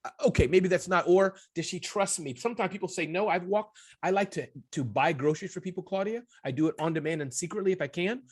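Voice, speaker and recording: A man being interviewed as an entrepreneur, talking in an animated way, often addressing the host by name and acting out little scenes. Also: sits high, quick pace, few pauses. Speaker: guest entrepreneur. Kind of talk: conversational summit interview.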